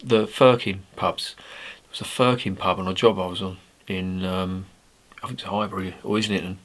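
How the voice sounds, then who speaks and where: A man's voice: low voice, steady tone, moderate pace. Rambling, sweary man. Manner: rambling, sweary, blunt banter. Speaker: beer reviewer. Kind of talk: casual review monologue.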